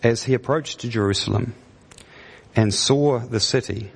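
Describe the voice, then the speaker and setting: A man's voice: medium pitch, normal speed, gravelly, breathy edge. A man preaching a conversational sermon in a church, often restarting his words and rising into emphatic questions. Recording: long hall reverb.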